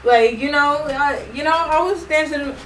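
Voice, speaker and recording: A young storytime vlogger recounts a party in a chatty, animated, slangy way, acting out what people said, in a casual vlog. Her voice is high-pitched at a moderate pace, on a low-quality recording with slight background noise.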